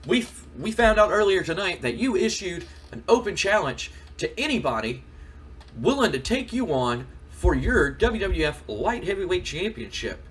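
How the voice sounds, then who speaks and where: A man voicing an eager male ring interviewer, speaking a little higher and louder than his own voice. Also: big pitch swings, normal speed.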